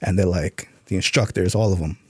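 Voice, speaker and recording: A man's voice: deep voice, fairly quick, a little mellow, husky, no room sound, studio quality. A man being interviewed on a podcast, telling a story in a laid-back way and swearing casually. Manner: laid-back, profane, full of "you know what I'm saying". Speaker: podcast guest, author and Army veteran.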